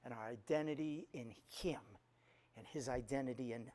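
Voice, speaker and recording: A man preaching a lively sermon, animated and emphatic, repeating his key phrases for effect. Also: medium pitch, moderate pace. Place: church service on Kauai.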